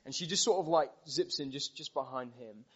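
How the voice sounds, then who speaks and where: A British man preaching a sermon, telling stories with animated, emphatic repetition. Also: medium pitch, fairly quick. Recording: dull muffled recording.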